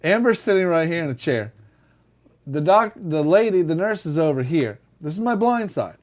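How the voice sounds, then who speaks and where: A middle-aged man telling a story in casual chat, animated, laughing and acting out quotes. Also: a little high, normal speed. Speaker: podcast co-host telling a story.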